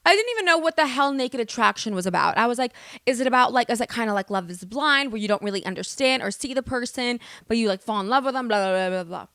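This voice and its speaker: A young woman from the United States tells stories on her podcast, animated and quick to swear. Her voice is bright and a touch high. The sound is close and dry. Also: no room sound. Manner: animated, swearing, exaggerated storytelling. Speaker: podcast host. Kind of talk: casual storytelling monologue.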